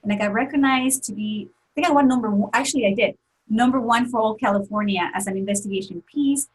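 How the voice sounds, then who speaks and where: A woman's voice: on the high side, fast talker, breathy edge, rough recording. A woman telling an emotional personal story as an interview guest, earnest, with many fillers and restarts.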